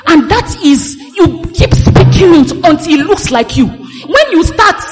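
A woman preaching a sermon, animated and sing-song, slowing down to stress scripture. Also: extremely high pitch. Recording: reverberant hall with faint music.

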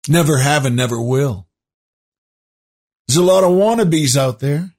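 A man's voice: fairly high pitch, lively intonation, unhurried, a little mellow. A man hosting his own show, talking to his listeners in a rambling, conversational way full of asides. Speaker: show host. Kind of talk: casual monologue to listeners.

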